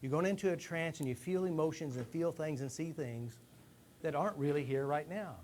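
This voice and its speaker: A man giving a lively live talk to a rehab group, asking the room questions and acting out stories. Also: a little high, fairly quick, a little hiss or hum. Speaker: speaker addressing a rehab group. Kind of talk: live motivational talk to an audience.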